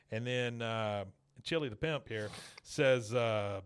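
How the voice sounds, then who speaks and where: A man's voice: mid-range voice, slow, clear, resonant tone. A man hosting a podcast, casually recapping an episode and animatedly acting out quotes. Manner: animated storyteller, acts out quotes. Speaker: podcast host.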